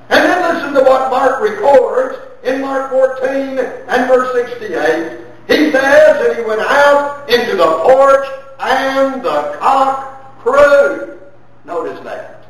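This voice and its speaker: A man from the United States preaching a sermon with slow, deliberate, emphatic phrasing. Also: very high-pitched, lively intonation, distant mic. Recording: very echoey room, voice from afar.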